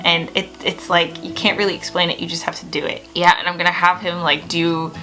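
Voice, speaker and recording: A young woman talking straight to camera in a casual vlog, gushing and excitable, with lots of "like" and "oh my gosh.". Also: on the low side, fairly quick, faint music behind, rough recording. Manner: excitable, gushing, many filler words. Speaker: vlogger.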